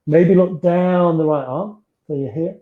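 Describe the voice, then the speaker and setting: A man leading a beginners yoga class with gentle, encouraging step-by-step cues, teaching from a small room at home. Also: a little high, measured pace, phone-quality sound. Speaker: yoga instructor.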